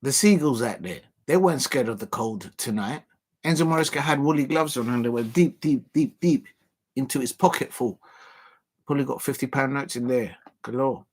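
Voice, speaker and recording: A young man hosts a casual football watch-along stream at a moderate pace, his husky voice sitting at an ordinary pitch for a man. He stays loose and animated, laughing and leaning on familiar catchphrases.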